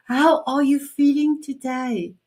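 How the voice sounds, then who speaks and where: Slow-talking effusive woman host. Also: high voice. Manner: effusive, warm and rambling. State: recovering from food poisoning. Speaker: show host. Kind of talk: live online talk show.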